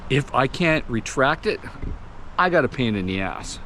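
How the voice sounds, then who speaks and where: A man's voice: medium pitch, very animated, moderate pace, fairly bright tone, a little hiss or hum. A man in a chatty, self-mocking vlog, walking viewers through his motorhome and laughing often. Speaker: RV vlogger. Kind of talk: casual vlog walkthrough. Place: inside a motorhome.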